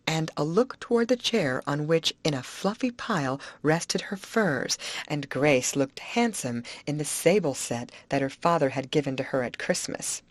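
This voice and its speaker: Woman, audiobook narrator, low voice, measured, dry close recording. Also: expressive, no echo.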